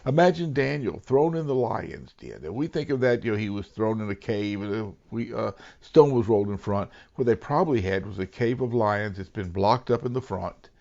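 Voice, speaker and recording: Earnest man preaching, hushed to emphatic. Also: lowish voice, normal speed, gravelly, hardly any pauses, highs cut off. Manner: earnest, dramatic, swings between hushed whispers and raised emphatic lines. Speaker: pastor. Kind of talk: sermon.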